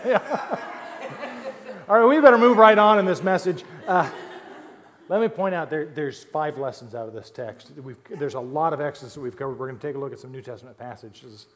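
A married man preaching a sermon as pastor, folksy and animated, mimicking complaining crowds and dropping joking asides. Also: mid-range voice, a little hiss or hum. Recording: long hall reverb.

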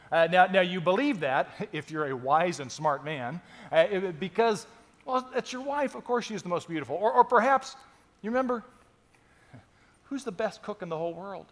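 Chatty joking male pastor, higher voice. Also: lively intonation, brisk. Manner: conversational, joking, frequent restarts. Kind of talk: sermon. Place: church sanctuary.

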